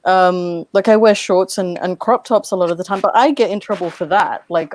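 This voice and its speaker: A woman who teaches, hosting a casual panel discussion, blunt and quick to swear, laughing between points. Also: mid-range voice, darkish tone. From London. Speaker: round table host.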